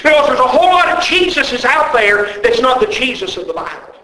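A man's voice: very high-pitched, very animated, fairly quick, sharp tone. A man preaching a sermon in a church, emphatic and repetitive, often asking his listeners rhetorical questions. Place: church sanctuary. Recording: roomy church echo.

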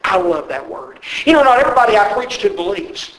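A male preacher with a very high, bright voice delivers an emphatic sermon full of repetition and rhetorical questions. His voice rings through a roomy church sanctuary with plenty of echo. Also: sing-song, brisk.

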